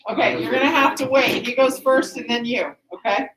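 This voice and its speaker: A woman's voice: a little high, brisk, fairly bright tone. Woman teacher in an echoey classroom. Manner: explanatory, checks understanding with "okay?". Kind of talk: classroom lesson.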